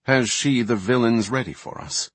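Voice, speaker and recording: A man's voice: medium pitch, normal speed, no room sound, pitched above the performer's own voice, lightly acted. A man voicing a proud demanding archmage. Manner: polite but demanding.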